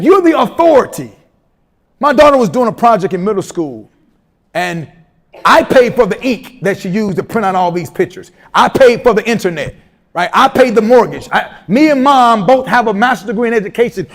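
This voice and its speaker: A middle-aged man giving a motivational, humorous speech to teachers, animated and telling stories with acted-out voices. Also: extremely high pitch. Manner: animated storyteller, humorous asides, acts out quoted voices. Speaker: keynote speaker at educators' institute day.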